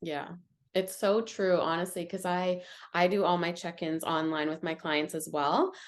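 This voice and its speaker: Chatty low-voiced young woman host. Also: flat delivery, a little slow. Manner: chatty, agreeable, lots of fillers like um and you know. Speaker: podcast host, nutrition coach. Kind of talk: casual podcast conversation.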